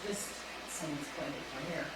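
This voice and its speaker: A woman's voice: low-pitched, fairly even intonation, normal speed, heavy reverb, distant mic, heavy background noise. An older woman working as a psychic who chats casually and coaxes spirits during a night ghost hunt in an old wooden building. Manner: chatty, coaxing, talking to spirits.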